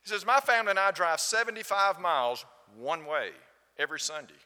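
A man's voice: fairly high pitch, big pitch swings, normal speed, bright, forceful tone, exaggerated voice. A man voicing a boastful, insistent male churchgoer from a small northern congregation. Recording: long hall reverb.

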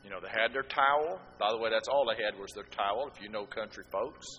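A man's voice: fairly low pitch, fast talker, long reverb tail, highs cut off, a little hiss or hum. A man preaching a sermon, telling folksy stories with rhetorical asides.

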